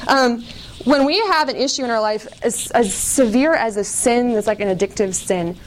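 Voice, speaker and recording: A woman's voice: fairly high pitch, moderate pace. A woman giving a casual personal testimony to an audience, candid and chatty, full of "like" and small laughs at herself.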